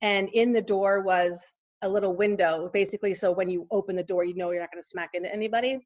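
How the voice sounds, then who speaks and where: A woman's voice: medium pitch, fairly even intonation, quick pace, dull audio. A woman in her forties, a podcast guest, telling a personal story in casual interview chat with lots of fillers and laughter. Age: 40s.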